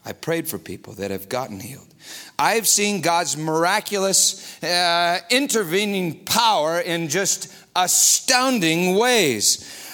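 A man preaching from the pulpit with a bright, forceful tone. He speaks slowly and deliberately, but his storytelling is animated, swinging from shouted peaks to hushed, low passages. His pitch sits a little on the high side. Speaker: pastor. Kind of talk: sermon.

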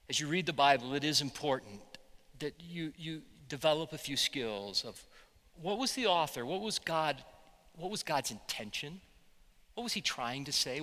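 A man, a pastor, preaching a sermon with animated storytelling. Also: on the high side, in a large hall. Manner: animated storytelling, voicing quotes loudly.

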